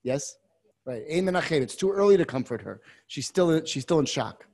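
A man teaching a class on a biblical text, moving from quiet asides to loud, impassioned readings and using many Hebrew terms. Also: a little high, expressive, moderate pace, creaky. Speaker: Torah teacher.

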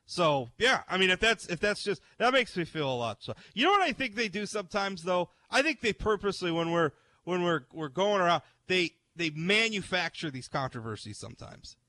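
A man hosting a casual talk show, his voice bright and forceful and sitting slightly high. He talks things through out loud, doubling back on his words and reading quotes off the page. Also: very animated, fairly quick, hardly any pauses. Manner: chatty, self-interrupting, reads articles aloud. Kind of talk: casual opinion chat.

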